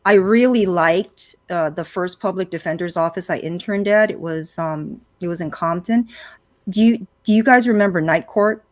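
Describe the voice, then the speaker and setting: A woman's voice: on the low side, normal speed. A woman attorney, a guest in a casual interview, chatty and self-deprecating, with many fillers and restarts.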